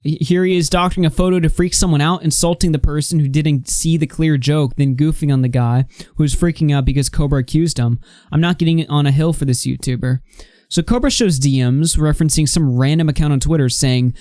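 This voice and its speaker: A woman's voice: low voice, a little fast, mellow, no room sound, studio quality. Blunt, profane young woman ranting on stream. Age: late teens. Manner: ranting, blunt and profane, reads posts aloud. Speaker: host of a live commentary stream. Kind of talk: live online commentary.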